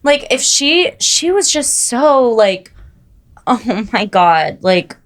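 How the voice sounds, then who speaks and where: A young woman co-hosting a podcast, telling stories in animated casual chat, full of "like" and "oh my God". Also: on the high side, slow pace. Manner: animated storytelling, frequent "like" and "oh my God". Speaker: podcast co-host.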